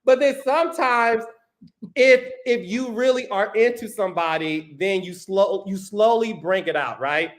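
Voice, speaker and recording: A man hosting a podcast and telling a story in a casual, animated way, often repeating words. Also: high-pitched, unhurried. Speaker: podcast host. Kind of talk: casual chat.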